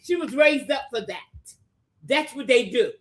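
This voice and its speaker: A woman's voice: sits high, animated, measured pace. A woman joining her daughter's reality show recap as co-host, making blunt, laughing asides. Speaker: co-host, the host's mother. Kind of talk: casual chat.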